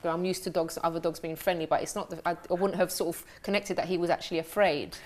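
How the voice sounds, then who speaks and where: Low-voiced woman talk show host. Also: steady tone, darkish tone. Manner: friendly, encouraging, quick to laugh.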